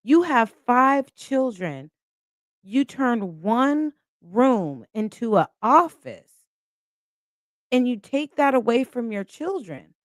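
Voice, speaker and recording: A woman's voice: a little high, big pitch swings, slow pace, dry recording, clean studio sound. A woman hosting a casual live stream, chatting and reading viewer comments aloud.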